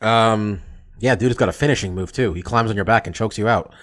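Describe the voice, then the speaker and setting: A man's voice: on the low side, fairly quick. A man hosting a casual sports chat over a video call, talking in a blunt, loose way with plenty of swearing. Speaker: podcast host.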